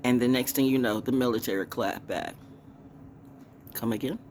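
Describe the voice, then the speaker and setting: A woman vlogging in a casual, rambling monologue, swinging from hushed asides to excited exclamations. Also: a bass voice, normal speed, a little hiss or hum. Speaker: spiritual vlogger, oracle reader.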